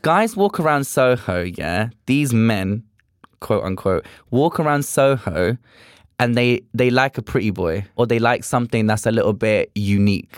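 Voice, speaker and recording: A man's voice: medium pitch, normal speed, smooth, dry recording, studio quality. A young man, a guest on a podcast, telling stories in a casual chat and acting out the dialogue. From England. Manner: animated, acts out quoted dialogue. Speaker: podcast guest, drag performer.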